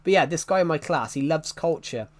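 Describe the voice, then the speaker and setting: A young man with a working-class English accent from old mining country, talking on a gaming livestream. His voice sits a little high for a man. He rambles, loops back over the same point and stops to answer his chat. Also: animated, a little fast. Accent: English working-class, former mining area. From England. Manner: rambling, repeats and restarts sentences, answers chat.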